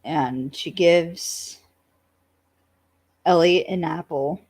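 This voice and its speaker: Southern woman, low unhurried voice, casual podcast co-host recapping a show. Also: breathy edge. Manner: relaxed recap with fillers, laughs often. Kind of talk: casual chat about a TV show.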